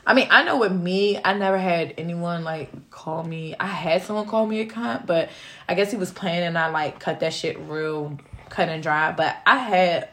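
A woman co-hosting a podcast, telling a story from work in casual, animated, profane chat. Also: fairly low pitch, normal speed, slight background noise. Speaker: podcast co-host.

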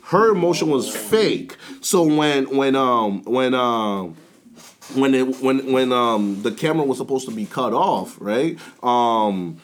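Man, casual chat, mid pitch, animated storytelling, frequent restarts. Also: takes it slowly. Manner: animated storyteller, many restarts, acts out quotes.

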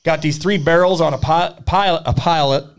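A man hosting a podcast, telling a rambling story in an animated, casual way. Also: fairly high pitch, a little fast, clear, resonant tone. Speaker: podcast co-host.

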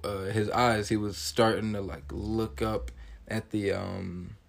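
A man in his twenties, hosting a podcast, retelling a movie scene in an animated, casual way and acting out the characters' lines in quick bursts. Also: lowish voice, vocal fry. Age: 20s. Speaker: podcast host.

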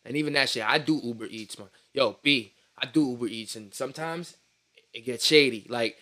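A man's voice: mid-range voice, normal speed, sharp tone. A young man, chatting casually on a podcast and telling profane street-slang stories with energy. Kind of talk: casual chat.

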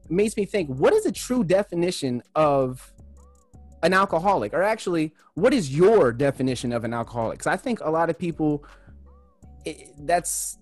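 A young man co-hosting a casual podcast, telling stories with lively acted-out quotes. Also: fairly high pitch, moderate pace, no room sound, faint music behind. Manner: animated storyteller, acts out quotes loudly. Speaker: podcast co-host. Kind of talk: casual chat, storytelling.

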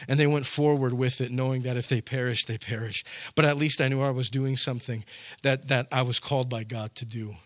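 Guy preaching a sermon, acts out stories with big shouts, bright voice, dry close sound. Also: medium pitch, steady tone, brisk, dry recording. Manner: storytelling, acts out scenes with loud shouts. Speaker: pastor.

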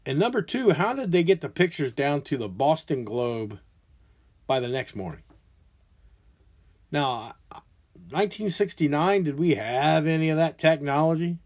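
A man in his forties hosting a podcast, ranting alone in an angry, profane way that swings between loud outbursts and low mutters. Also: lively intonation, moderate pace, long pauses. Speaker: podcast host. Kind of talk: ranting solo monologue.

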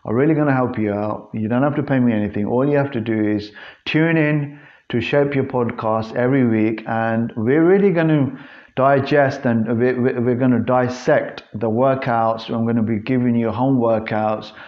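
A man's voice: mid-range voice, moderate pace. A man with a mid-range voice hosts a solo fitness podcast, chatting casually and earnestly to his listeners. His delivery rambles, with frequent restarts and fillers. The recording sounds slightly dull and lo-fi. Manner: earnest, addresses listeners as guys. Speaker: fitness trainer and podcast host.

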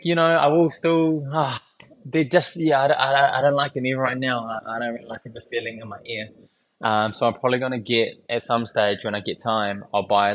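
A man's voice: on the low side, a bit bright. A young man telling a story on his solo podcast, loose and candid, swearing often and laughing between thoughts. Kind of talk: casual rambling storytelling. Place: small home podcast studio.

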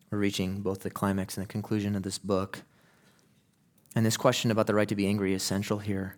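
A man preaching a sermon, emphatic, moving from hushed passages to loud ones and asking rhetorical questions. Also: fairly low pitch, little pitch movement, brisk. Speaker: pastor.

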